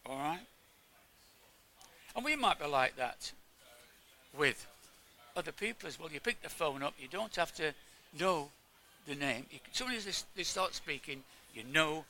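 A man's voice: on the high side, vocal fry, sharp tone, a little hiss or hum. An older man from England giving an informal sermon, chatting with his congregation and asking them questions. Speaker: preacher.

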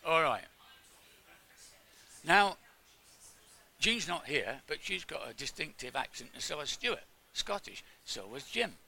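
A man's voice: on the high side, very animated, slow, vocal fry, long pauses, pushed and bright. An older man from England giving an informal sermon, chatting with his congregation and asking them questions. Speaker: preacher.

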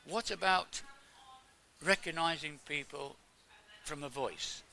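An older English preacher delivers an informal sermon, chatting with the congregation and putting questions to them. His voice sits on the high side, gravelly, pushed and bright.

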